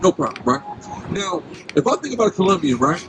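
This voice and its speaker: A man's voice: high-pitched, very animated, fast. A man preaching outdoors on a city street, questioning passersby and repeatedly asking "right?". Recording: street noise and traffic.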